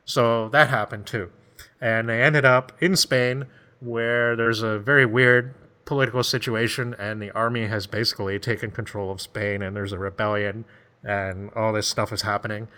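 A man's voice: on the low side, fairly even intonation, moderate pace, pushed and bright. A man in casual conversation retelling a book's plot, rambling along with frequent laughs and acted-out bits. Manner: rambling, laughs often, acts out voices. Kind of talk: casual chat.

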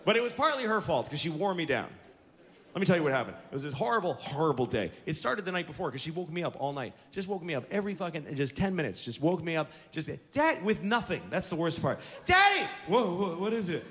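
A man's voice: a little high, expressive, quick pace, a bit bright. A man in his forties doing a stand-up routine, telling stories in an exasperated, profane way. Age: 40s. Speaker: stand-up comedian. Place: theater stage before an audience. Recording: live show with room noise.

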